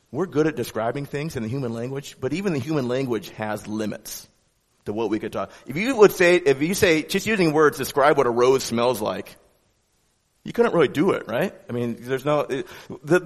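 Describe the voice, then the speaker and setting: A man giving a sermon as pastor, with a conversational, animated delivery and frequent restarts. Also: mid-range voice, moderate pace, long reverb tail.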